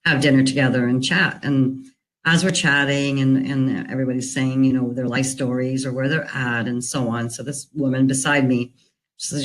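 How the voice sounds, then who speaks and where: A woman's voice: extremely low pitch, fairly even intonation, moderate pace, rough recording. Earnest woman coach telling a story. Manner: earnest, conversational, many "you know" fillers. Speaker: relationship and divorce recovery coach. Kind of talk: reflective personal storytelling.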